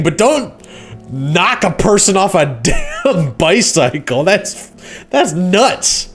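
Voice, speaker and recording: A man hosting a casual livestream, rambling and joking, acting out quoted shouts. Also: a little high, very animated, a little slow, soft background music. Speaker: livestream host.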